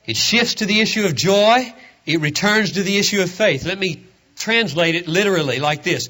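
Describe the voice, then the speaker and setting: Lively, high-pitched preaching man. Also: normal speed. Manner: emphatic, lively preaching, stretching key words. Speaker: pastor. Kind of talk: sermon.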